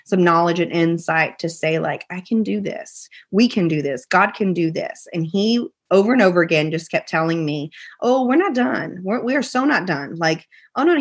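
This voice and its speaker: A woman, a podcast guest telling an emotional personal story, animated and quoting people in a raised voice. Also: fairly low pitch, moderate pace, slightly rough.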